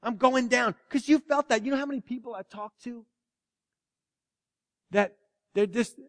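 A man preaching a sermon, animated, swinging between loud exclamations and hushed asides. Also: very high voice, moderate pace, in a large hall. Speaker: pastor.

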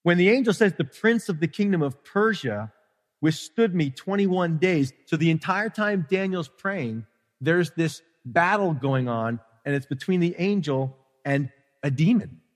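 A middle-aged man preaching a conversational, animated sermon, now and then acting out prayers. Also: on the high side, unhurried. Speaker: pastor. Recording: live-streamed hall with long reverb.

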